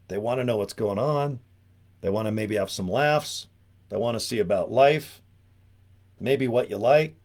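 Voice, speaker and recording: A man's voice: mid-range voice, darkish tone. A man giving a casual training talk on network marketing, rambling and joking with frequent asides.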